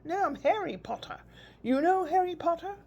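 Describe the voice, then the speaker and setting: A woman's voice: very high voice, expressive, moderate pace, a little mellow, voice pushed up. A woman voicing an eager, curious little boy under four who asks wide-eyed questions. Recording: dull lo-fi recording.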